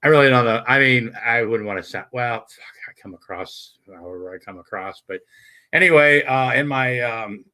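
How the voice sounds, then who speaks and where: A man hosting a casual late-night livestream, rambling and swearing as he greets viewers by name, with lots of halting fillers. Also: mid-range voice, sharp tone. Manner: halting, many fillers and restarts. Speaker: livestream host.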